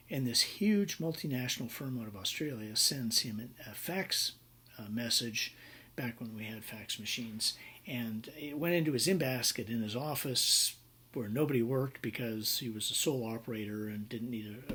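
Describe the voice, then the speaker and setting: A man's voice: mid-range voice, moderate pace, fairly bright tone, breathy edge. A middle-aged man teaching business law in a recorded lecture, telling stories in a conversational way with many fillers.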